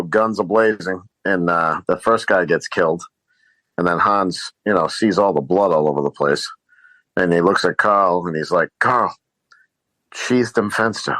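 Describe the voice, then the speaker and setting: A man's voice: low voice, fairly even intonation, normal speed, fairly bright tone, no echo, rough recording. A man co-hosting a podcast, retelling movie scenes casually with many fillers. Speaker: podcast co-host.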